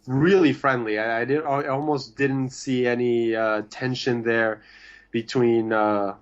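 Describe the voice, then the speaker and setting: A young man who is a podcast guest, talking in a relaxed, easygoing way with plenty of hesitations. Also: medium pitch, measured pace. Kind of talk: casual chat. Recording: slightly dull, lo-fi sound.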